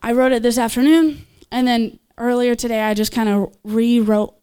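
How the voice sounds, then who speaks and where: A young woman giving a casual, enthusiastic sermon, chatting with laughs and fillers and jumping up in pitch when she voices others. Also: moderate pace, smooth. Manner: animated, leaps in pitch when voicing others. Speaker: speaker at a church gathering.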